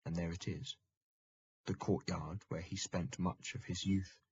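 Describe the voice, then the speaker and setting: A man gives steady, measured audiobook narration of a historical novel. His voice is deep and very husky. The recording is slightly dull and lo-fi.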